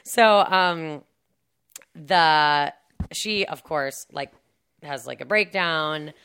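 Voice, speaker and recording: A woman's voice: low voice, very slow, fairly bright tone, clean tone. A woman casually recapping a film plot in a chatty, sarcastic way, full of fillers and asides. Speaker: podcast co-host recapping a film. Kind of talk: casual chat.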